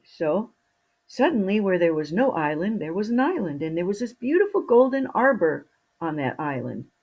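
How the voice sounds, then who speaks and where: A woman storyteller telling a fairy tale to children. Her voice is husky and slightly low, and she speaks slowly with a lively, rising and falling melody. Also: dull audio. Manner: slow, expressive storytelling.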